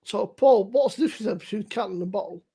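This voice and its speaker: A woman co-hosting a live beer review stream, teasing her friends loudly with plenty of swearing. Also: mid-range voice, fast talker, breathy edge. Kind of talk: casual live-stream banter.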